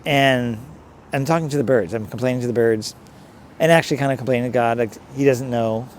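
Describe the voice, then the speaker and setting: Priest giving a rambling reflection outdoors. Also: male voice, mid-range voice, fast, darkish tone, a little hiss or hum. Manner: conversational, rambling, direct address to listeners. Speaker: priest, pastor. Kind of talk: reflective sermon-style talk.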